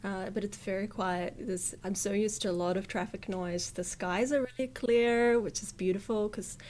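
A young woman from New Zealand talks in a casual interview, relaxed and quick to laugh. Her voice sits at an ordinary middle pitch and often trails off quietly at the ends of her thoughts. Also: slight background noise. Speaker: musician guest.

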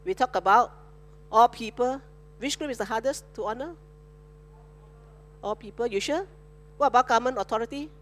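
A woman pastor, preaching a sermon with animated call-and-response to her congregation. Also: a little high, moderate pace, long pauses, slight background noise.

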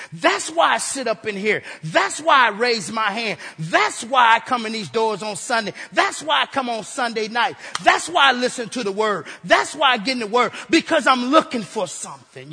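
Male pastor, high bright husky voice, fired-up repetitive preaching in a reverberant church hall. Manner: excitable, repetitive call-and-response preaching. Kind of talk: energetic sermon. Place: church sanctuary.

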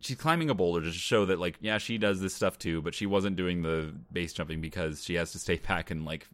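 Young male podcast co-host, low voice, dry close mic, wry casual delivery. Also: fairly quick, a bit bright, no room sound. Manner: wry, laughs while recapping scenes. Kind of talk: casual movie-review chat.

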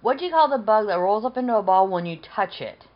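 A woman's voice: medium pitch, lively intonation, fast talker, lo-fi sound. A woman co-hosting a podcast, reading quiz questions and giving short answers. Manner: reads quiz questions, brief replies. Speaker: podcast co-host. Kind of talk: casual chat.

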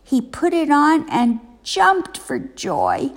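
Slow expressive woman reading aloud. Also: sits high, in a large hall. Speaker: parent reading to children. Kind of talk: storybook read-aloud.

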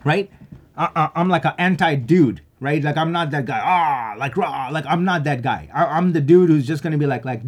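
A young man giving casual career advice in an animated, enthusiastic way, full of "like" and "right?". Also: fairly high pitch, normal speed.

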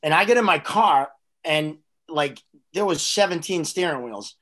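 A comedian, telling stories in casual chat with frequent restarts. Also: male voice, fairly high pitch, moderate pace, a little hiss or hum. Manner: rambling, animated storyteller with restarts. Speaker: comedian host.

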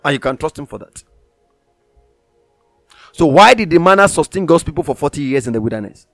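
A man's voice: on the high side, expressive, fairly quick, no room sound, studio quality, soft background music. A man preaching a sermon, emphatic, repeating phrases for stress and reading scripture aloud in old-fashioned wording.

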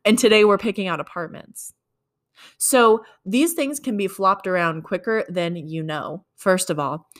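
A woman's voice: mid-range voice, expressive, moderate pace. A woman working as a leasing agent tells a work story in a conversational way, acting out both sides of the dialogue. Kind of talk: storytelling sales advice.

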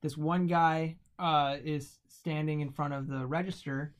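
A man's voice: fairly high pitch, a little slow. A man around thirty telling a personal story in a casual conversation, checking in with the listener often. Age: late 20s to 30s. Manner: relaxed, anecdotal, uses "right?" often.

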